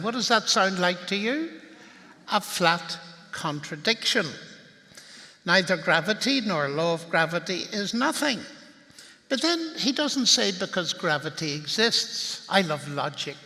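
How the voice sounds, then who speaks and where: A man's voice: high-pitched, sharp tone. An older man with a Northern Irish accent giving a wry, argumentative public lecture. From Northern Ireland. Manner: wry, argumentative, building to punchlines. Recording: long reverb of a large hall.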